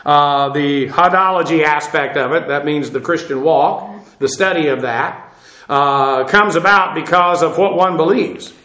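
A man delivering a sermon as a Bible teacher, measured and explanatory, pausing often on filler sounds. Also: a little high, sharp tone, roomy sound.

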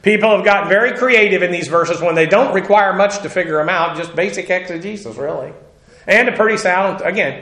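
A man delivering a verse-by-verse sermon in a fairly high voice for a man, talking emphatically and conversationally, with dry humorous asides. The room around him rings with echo. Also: a bit bright. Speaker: pastor. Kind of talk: expository Bible teaching sermon. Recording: echoey room.

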